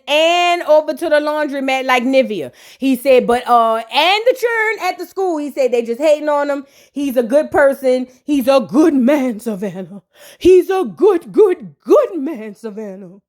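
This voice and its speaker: A woman giving a sassy, slangy comedic recap of a reality show. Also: sits high. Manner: sassy, slangy, rapid-fire mocking commentary. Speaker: reality TV reviewer.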